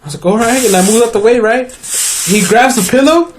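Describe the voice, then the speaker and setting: A man's voice: very high voice, a little fast, slight background noise. A young man co-hosting a podcast, casually telling a scary story between laughs and swearing. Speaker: podcast co-host. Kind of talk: casual chat.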